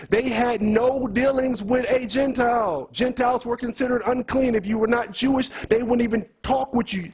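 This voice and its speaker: Man, high voice, husky, earnest bible teacher, repeats himself for emphasis, asks the room questions. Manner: earnest, repeats key phrases, quizzes listeners.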